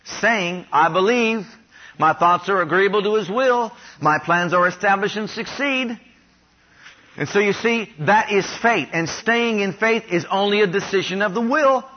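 Male preacher from Ohio, high voice, leads call-and-response declarations; dull lo-fi recording. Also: a little slow. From Ohio, USA. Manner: has the congregation repeat declarations after him; rises louder and higher on repeated declarations. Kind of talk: sermon. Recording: dull lo-fi sound.

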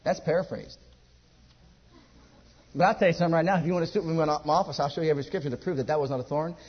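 A man preaching a sermon at a church service. He repeats his exhortations emphatically and drops to a hush. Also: on the high side, steady tone, racing, slightly rough, highs cut off.

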